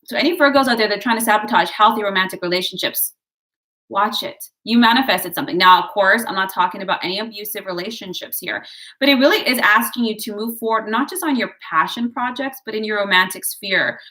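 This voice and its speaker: A woman reads tarot for her viewers in a loose, conversational way. Her voice is bright and crisp, and she keeps cheering them on, calling them guys and drifting into little asides. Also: medium pitch, quick pace. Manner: chatty, digressive, encouraging, addresses viewers as guys. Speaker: tarot and astrology reader. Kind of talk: casual horoscope reading to camera.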